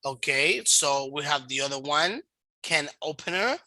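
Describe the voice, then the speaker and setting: Slow, patient male English teacher. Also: a little high, lively intonation, pushed and bright, a little hiss or hum, rough recording. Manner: slow, patient, explains step by step. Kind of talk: online one-to-one lesson.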